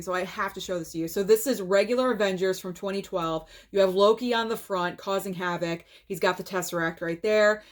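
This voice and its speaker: A woman hosting a casual show-and-tell vlog, talking with gushing enthusiasm and tripping over her words now and then. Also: mid-range voice. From United States. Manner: enthusiastic and gushing, with frequent stumbles. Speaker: collector vlogger.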